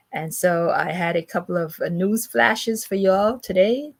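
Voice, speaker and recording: A woman's voice: on the low side, measured pace, gravelly, rough recording. A woman talking in a rambling, repetitive monologue, reading news aloud with restarts and stammers, often emphatic. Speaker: vlogger commenting on news.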